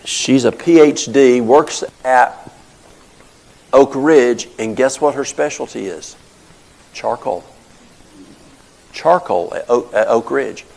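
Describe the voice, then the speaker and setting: A man's voice: medium pitch, takes it slowly, creaky, long pauses, darkish tone, poor audio. An older man giving a folksy teaching talk, telling stories and explaining with plain everyday examples. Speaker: health talk presenter.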